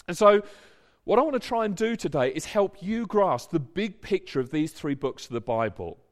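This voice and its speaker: A preacher speaks with an earnest, conversational warmth that swells into emphatic points. His fairly high voice moves in lively, animated swoops. He sounds like he is talking straight to a congregation. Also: normal speed. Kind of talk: sermon.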